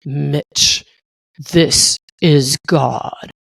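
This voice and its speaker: A woman putting on the voice of God as a booming, solemn man who speaks slowly and grandly. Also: steady tone, vocal fry, slightly rough, dry recording, studio quality, full character voice. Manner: slow, grand pronouncements.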